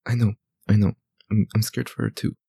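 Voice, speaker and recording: A man playing an earnest young adventurer with a deep, low-pitched voice, who softens and lowers it to calm a worried friend. Steady and resolved, the character talks in a tabletop game as if over a call. The recording is dry and close. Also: brisk, gravelly, slightly rough, dry recording, exaggerated voice. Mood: reassuring. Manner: softly lowered, reassuring delivery. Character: earnest young person, quietly determined.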